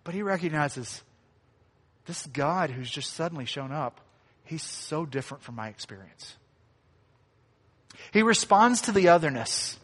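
A man's voice: on the high side, animated, normal speed, pauses often, a bit bright, slightly rough. Man preaching a sermon in a reverberant church. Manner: conversational, acts out quoted lines, light asides. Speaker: pastor.

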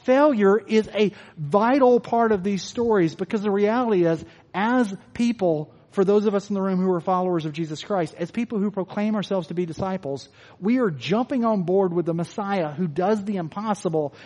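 A man preaching a sermon in a conversational, animated way, often restarting his phrases, to people in a church hall. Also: sits high. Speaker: pastor. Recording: long hall reverb.

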